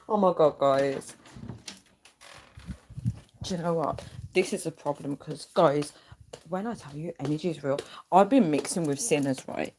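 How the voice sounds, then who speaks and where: A woman with a slightly low voice hosts a casual livestream from her phone, rambling loosely, calling her audience "guys," and laughing often. She's very animated, unhurried, and pauses often.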